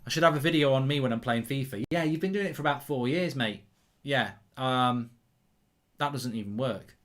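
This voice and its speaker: A man's voice: medium pitch, brisk, a bit bright. A man hosting a football watchalong live stream, chatting casually and reading out viewer comments in a rambling, self-mocking way.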